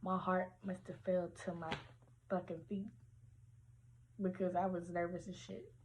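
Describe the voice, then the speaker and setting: Animated young woman telling a story. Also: fairly low pitch, a little slow, slight background noise. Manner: animated, slangy, profane storytelling. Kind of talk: casual storytime livestream.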